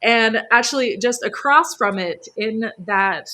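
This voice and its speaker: A woman hosts a live gardening stream from home, talking in an eager, chatty way full of little fillers and laughter. Her voice is bright and forward. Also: on the high side, unhurried. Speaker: gardening host. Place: home near a sunroom.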